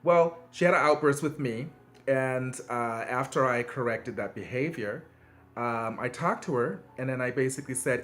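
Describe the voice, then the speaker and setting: Man, mid-pitched, earnest conversational advice host, many fillers, soft music underneath. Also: moderate pace. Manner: conversational, frequent fillers and restarts; earnest and encouraging, emphatic swings in pitch. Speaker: video host giving parenting advice. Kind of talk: casual advice monologue.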